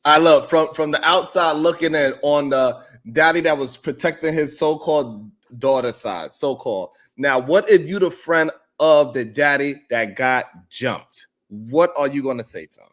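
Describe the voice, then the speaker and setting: A man hosting a casual talk show, animated and laughing often as he puts questions to his co-host. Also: fairly high pitch, moderate pace, few pauses.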